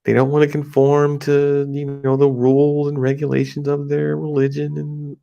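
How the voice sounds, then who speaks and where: A middle-aged American man talking casually in a rambling, halting monologue with many restarts. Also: fairly high pitch, monotone, creaky, mellow, lo-fi sound. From United States.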